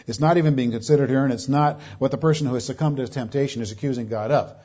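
A man's voice: mid-range voice, fast, warm tone. A man preaching an expository sermon, emphatic and repeating his key phrases, on a dull lo-fi recording. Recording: dull lo-fi sound.

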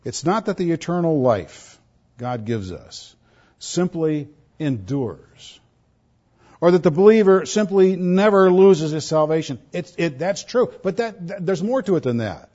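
A man's voice: fairly high pitch, expressive, unhurried, warm tone. A man preaching a sermon as a pastor, stressing points by repeating words. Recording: dull lo-fi recording.

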